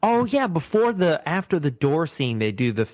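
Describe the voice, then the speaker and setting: A man's voice: on the high side, normal speed, dry recording. Laughing man retelling a cartoon, dry sound. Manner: laughing, animated retelling with quoted voices. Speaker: podcast host. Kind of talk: casual chat.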